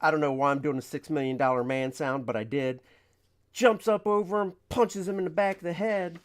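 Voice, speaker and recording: On a livestream, a comic artist chats casually and rambles, reading viewer questions aloud and acting out his panels. His voice is on the high side, brisk, with a steady tone.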